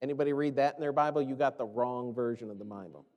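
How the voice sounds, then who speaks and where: A man's voice: mid-range voice, quick pace, in a large hall, highs cut off. A man preaching a sermon in a conversational way, asking rhetorical questions and acting out the complaints he quotes. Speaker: pastor.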